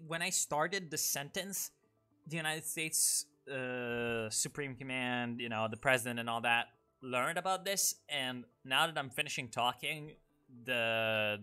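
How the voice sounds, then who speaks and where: A young man giving loose, rambling commentary on a strategy game, sarcastic and quick to swear. His voice is bright and forceful, and soft background music runs beneath him. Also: mid-range voice. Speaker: gaming YouTuber.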